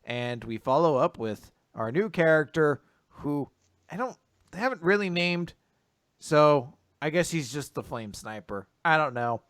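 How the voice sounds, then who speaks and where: A fairly high-voiced man chats through a comic recap in a lively, casual way, often laughing and putting on quick voices for the characters. His voice sits close and dry on the mic, with no room around it. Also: no room sound. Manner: animated, acts out characters' lines, laughs often. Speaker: podcast co-host. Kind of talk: casual manga recap chat.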